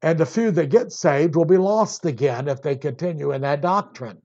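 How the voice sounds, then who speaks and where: A man's voice: on the high side, moderate pace, a little mellow. A man preaching an emphatic Bible sermon, drawing out words for stress. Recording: dull lo-fi tape recording.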